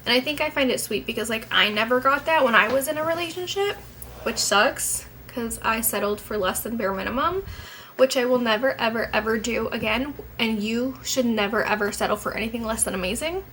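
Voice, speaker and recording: A woman's voice: a little high, brisk, bright, forceful tone, slight background noise, low-quality recording. A young woman chatting casually to her camera at home as a vlogger, rambling and candid, swearing now and then.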